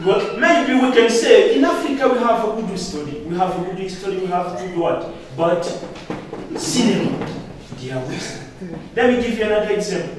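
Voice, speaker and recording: A young man speaking as a student debater in a classroom debate, arguing in a halting way. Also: high voice, lively intonation, slight background noise. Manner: argumentative, halting. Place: university classroom. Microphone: distant room mic. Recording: echoey room, from far off.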